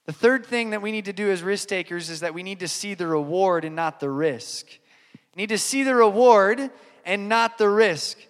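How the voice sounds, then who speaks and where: A man's voice: high-pitched, animated, normal speed, in a large hall. A man preaching a sermon, earnest and emphatic, repeating key lines and telling stories. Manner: earnest, emphatic repetition, storytelling. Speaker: pastor.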